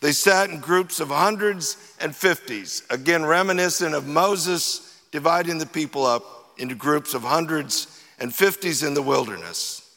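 A man's voice: on the high side, moderate pace, bright, forceful tone. A man preaching a sermon as pastor, talking conversationally and acting out the disciples' sarcastic replies. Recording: echoey hall with long reverb.

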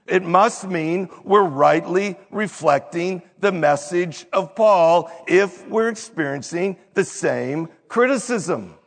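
Male pastor, sermon, very slow, emphatic, gravelly, fairly high voice. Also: expressive, long reverb tail. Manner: emphatic, slow and deliberate teaching.

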